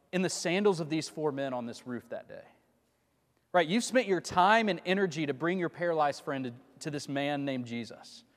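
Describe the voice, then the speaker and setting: A man preaching a sermon in a conversational way, often asking his listeners rhetorical questions. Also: high-pitched. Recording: long reverb of a large hall.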